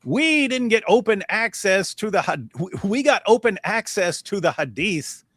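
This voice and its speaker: Animated, blunt man. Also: high-pitched, moderate pace, no room sound, clean studio sound. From United States. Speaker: host. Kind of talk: casual live-stream commentary.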